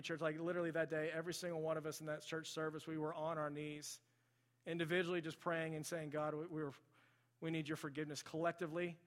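A pastor with a slightly high voice preaches a sermon in a church sanctuary, his words ringing in a large hall. He tells a story and builds toward impassioned emphasis.

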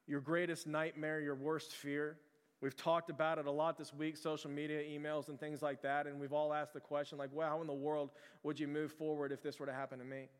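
A man preaching in a church sanctuary with a voice pitched a little higher than most men. He speaks conversationally and earnestly, restarting phrases as he goes, and his voice rings out with a long reverb through the hall. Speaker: pastor. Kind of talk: sermon.

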